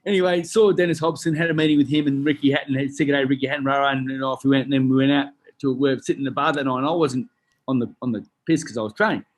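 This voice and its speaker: Australian guy, rapid-fire husky storyteller, cusses and does the voices. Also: mid-range voice. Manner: animated, swears freely, acts out voices in his stories. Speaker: guest, retired boxer. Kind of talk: casual storytelling.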